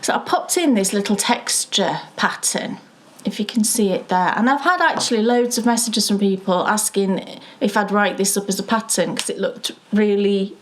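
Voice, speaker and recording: A woman co-hosting a knitting show, talking in a chatty, enthusiastic way and quick to agree. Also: mid-range voice, slight background noise. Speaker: co-host of a knitting video show. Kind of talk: casual chat.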